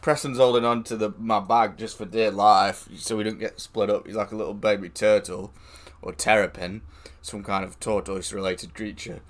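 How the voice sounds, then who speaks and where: A man's voice: lowish voice, little pitch movement, normal speed. A man streaming live, telling a rambling anecdote with lots of swearing, laughing and quoted voices. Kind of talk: casual storytelling.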